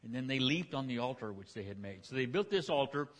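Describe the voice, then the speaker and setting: A man's voice: medium pitch, animated, fast talker, a bit bright. Folksy, conversational man preaching a sermon. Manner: folksy storytelling with frequent restarts. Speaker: pastor. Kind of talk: conversational sermon, retelling scripture.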